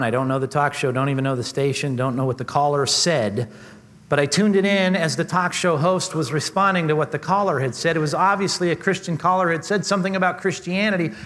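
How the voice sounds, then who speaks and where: Man preaching with dramatic hushed asides. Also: a little high. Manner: dynamic preaching, swings from loud emphasis to hushed near-whispers. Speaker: pastor. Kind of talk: sermon. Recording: long hall reverb.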